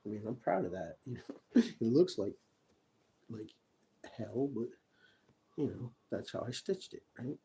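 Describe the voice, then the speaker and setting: A man vlogging a rambling personal monologue, talking to the viewer with many asides and often dropping to a quiet mutter. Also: mid-range voice, sing-song, measured pace, creaky, pauses often, slight background noise, rough recording.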